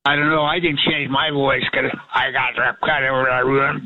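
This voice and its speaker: A man's voice: medium pitch, little pitch movement, moderate pace, narrow, tinny audio. Effusive man in his eighties calling in. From Oregon. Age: 80s. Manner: effusive, rambling. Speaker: caller. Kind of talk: phone-in chat.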